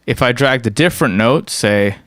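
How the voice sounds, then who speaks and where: A man's voice: mid-range voice, moderate pace, fairly bright tone. A man giving a casual screen-recorded music production tutorial. He explains step by step and often checks in with "right?".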